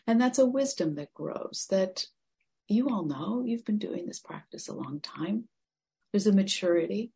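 Soft-spoken woman giving a dharma talk. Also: medium pitch, expressive, unhurried, vocal fry, husky. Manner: gentle, reflective, drifting into soft near-whispers. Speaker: meditation teacher.

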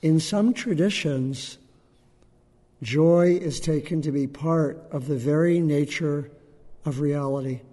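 Gentle meditation teacher in a hall. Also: male voice, fairly high pitch. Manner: gentle, unhurried, with frequent pauses and fillers. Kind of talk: dharma talk to a group.

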